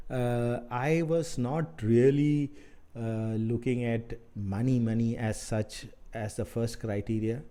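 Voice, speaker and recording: Mellow-voiced Indian English mentor, rambling. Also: male voice, medium pitch. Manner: rambling, halting with fillers, frank and mildly sarcastic. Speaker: architect mentor. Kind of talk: advice talk to camera.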